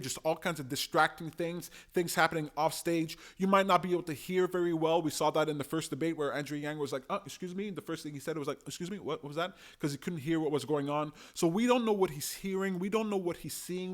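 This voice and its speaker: Man, fairly high voice, animated and emphatic, casual solo commentary. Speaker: political commentator.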